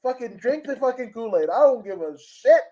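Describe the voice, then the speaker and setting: This is a high-pitched man with a Kentucky accent, holding forth on a casual fight podcast. He rants in heated bursts, swearing freely, and comes back again and again to blunt dismissals. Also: lively intonation, moderate pace, dark tone, muffled recording. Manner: profane, ranting, heated. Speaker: podcast co-host. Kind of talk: casual chat.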